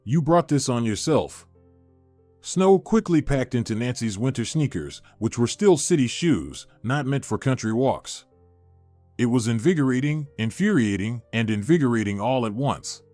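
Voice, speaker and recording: A man reads a family story aloud in a steady, scripted way, his voice sitting at a middle pitch. The sound is dry and close to the mic, with faint music behind him. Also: moderate pace, no echo. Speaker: narrator. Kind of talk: scripted narration.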